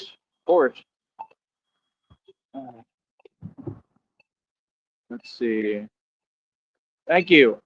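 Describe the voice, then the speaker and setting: A tired man chatting on his livestream in boastful street slang, laughing as he talks. His voice sits a little high, and the lo-fi audio sounds dull. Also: no echo. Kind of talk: casual livestream chat.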